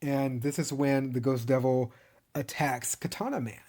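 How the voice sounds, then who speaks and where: A man recapping an anime season in a casual, animated storytelling manner, chuckling often. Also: medium pitch, unhurried.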